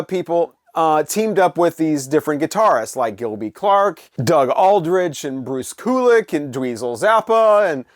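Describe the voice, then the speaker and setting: A man's voice: fairly high pitch, no echo, clean studio sound. A middle-aged man giving a casual, blunt, opinionated music review, with frequent fillers and restarts. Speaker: vinyl collector vlogger.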